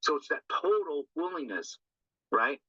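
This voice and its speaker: A man's voice: fairly high pitch, big pitch swings, normal speed, fairly bright tone, breathy edge, dry recording. A man talking earnestly and loosely through a recovery text, often checking in with a tag question. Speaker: recovery group speaker. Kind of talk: informal talk on a recovery text. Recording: dull lo-fi dry recording.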